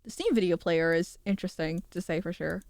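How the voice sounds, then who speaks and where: Excitable young woman streamer, dry mic. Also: fairly low pitch, brisk, no echo. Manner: excitable, swears often, self-mocking. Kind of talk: casual stream chat.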